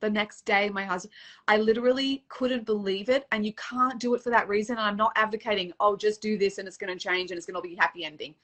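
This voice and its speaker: A middle-aged woman, a dating coach, telling a personal story in a casual interview, animated and emotional, acting out the quotes. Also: medium pitch, fast talker.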